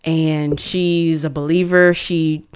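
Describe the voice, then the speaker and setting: Low-voiced woman telling a heartfelt story. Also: little pitch movement, clean tone. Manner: earnest, emotional storytelling with halting restarts. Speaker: guest. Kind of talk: conversational testimony.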